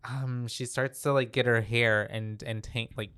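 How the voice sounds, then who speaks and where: A man with a smooth, resonant voice of middling pitch, co-hosting a casual podcast. He rambles through a horror film recap, full of fillers and restarts. The sound is dry and close. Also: fairly even intonation, unhurried, bright, forceful tone, no room sound. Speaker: podcast co-host.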